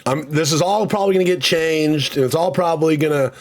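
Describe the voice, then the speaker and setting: A man's voice: on the high side, fast talker. A man streaming casually, rambling and joking about himself, swearing freely and reading out chat comments.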